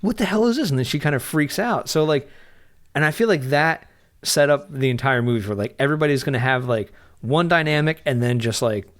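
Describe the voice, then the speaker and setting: A man co-hosting a podcast in casual film chat, animated, telling scenes with lots of back-and-forth. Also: medium pitch, fairly quick. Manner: animated, acts out lines in a raised voice. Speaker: podcast co-host.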